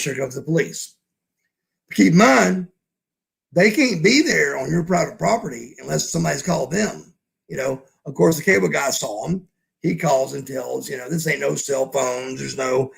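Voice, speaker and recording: A man's voice: on the high side, gravelly. A man telling a story as a podcast guest in a blunt, profane way, acting out the lines of the people in it. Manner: profane, blunt, acts out quoted dialogue. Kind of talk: casual storytelling.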